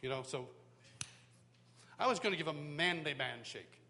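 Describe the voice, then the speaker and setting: A man teaching at a worship school, telling a personal story in sermon style with animated, self-mocking humor, recorded live in a church hall. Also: mid-range voice, brisk, long pauses. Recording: live hall reverb, faint background noise.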